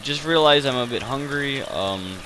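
A man's voice: mid-range voice, lively intonation, moderate pace, background noise. A man giving rambling, self-deprecating commentary over his gameplay, hesitant and full of fillers. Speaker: gaming channel host.

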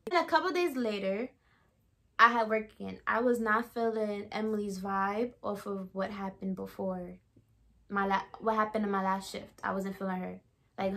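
A young woman vlogger telling a story, animated and emphatic, with laughing asides to viewers. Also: mid-range voice. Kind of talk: storytime vlog.

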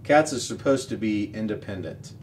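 A man's voice: fairly low pitch, expressive, normal speed, a little mellow, slight background noise, lightly acted. Man voicing a moody dramatic she-cat. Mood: moping. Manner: wailing, self-pitying. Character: proud female ship's cat, dramatic, moody.

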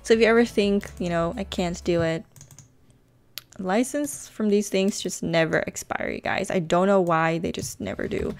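A woman's voice: fairly low pitch, normal speed, creaky, dry recording. A woman hosting a casual screen-recorded tutorial, chatty and rambling with a self-teasing manner, talking into a desk microphone. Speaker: gaming channel host.

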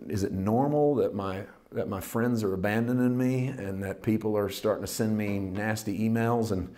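A man preaching a sermon in a conversational, folksy way, building to loud, fervent passages. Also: lowish voice. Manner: folksy, plain-spoken phrasing. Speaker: pastor.

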